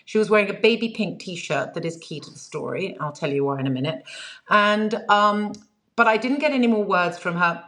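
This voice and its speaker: A woman's voice: mid-range voice, lively intonation, fairly quick, a bit bright. A woman author, a guest in an interview, telling a personal story in an earnest, reflective way with many fillers. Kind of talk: relaxed storytelling in conversation.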